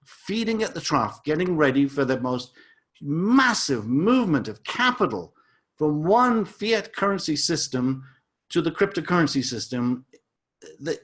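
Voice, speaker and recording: This crypto educator has a slightly high, somewhat bright voice. He teaches a lesson over a chart in an enthusiastic, salesy way, often repeating words and tossing in asides.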